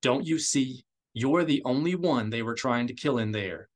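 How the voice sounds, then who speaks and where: A man's voice: medium pitch, moderate pace, close to an everyday voice. A man voicing a loyal male aide who speaks urgently, firmly and bitterly in an audiobook. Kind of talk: audiobook character voice.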